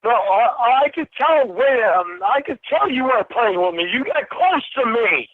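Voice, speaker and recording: A man's voice: very high voice, sing-song, moderate pace, no room sound. An angry man on a phone call, swearing and accusing the other person of lying to him. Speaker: caller. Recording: tinny phone line.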